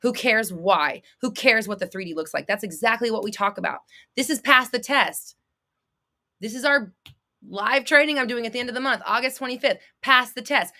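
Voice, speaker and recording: A woman hosting a live stream as a manifestation coach, talking bluntly and sassily with plenty of swearing, sometimes flaring into a shout and then laughing it off. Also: medium pitch, quick pace. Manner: blunt, profane and sassy. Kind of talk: live-stream advice talk.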